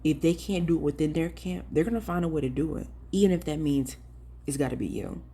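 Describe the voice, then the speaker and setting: Gravelly-voiced, earnest ministry vlogger. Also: mid-range voice, animated, fast, warm tone. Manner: earnest, emphatic, pleading; casual and direct, addressing viewers as y'all. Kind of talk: preachy vlog commentary.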